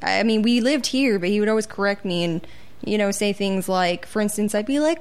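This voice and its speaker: A woman's voice: medium pitch, a little fast, clear, resonant tone. A woman co-hosting a casual studio chat, talking in a chatty, rambling way.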